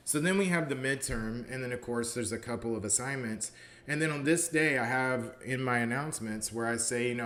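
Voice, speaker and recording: A man's voice: medium pitch, fairly quick, fairly bright tone. A male college philosophy professor telling a story in a casual, conversational way, often saying "you know" and acting out what people said. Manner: acts out quoted dialogue in his stories.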